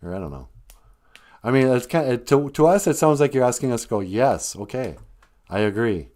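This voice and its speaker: A man's voice: medium pitch, very animated, quick pace, a little mellow. A man with a Minnesotan accent hosting a live stream, rambling through jokes and laughing at them himself. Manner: rambling, joking, laughs at his own jokes. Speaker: host. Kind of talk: comedic live-stream monologue.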